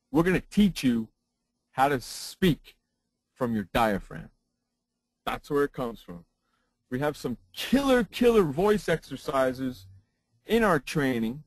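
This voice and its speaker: Man, sports talk radio host, seminar talk, slightly high voice, emphatic, repeats himself, dry sound. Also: expressive, a little slow, dry recording, poor audio. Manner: emphatic, repeats points for stress. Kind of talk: seminar presentation. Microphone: own broadcast microphone.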